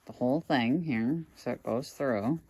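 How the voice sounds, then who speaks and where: A woman's voice: rumbling low, measured pace, warm tone, breathy edge. A woman reselling goods online, casually thinking aloud at home with wry asides to her viewers. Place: indoors at home.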